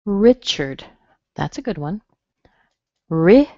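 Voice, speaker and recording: In an online pronunciation lesson, a woman with a lowish, animated, slightly mellow voice patiently drills words by saying them slowly again and again. The sound comes through a computer mic as dull, muffled, dry webinar audio without echo.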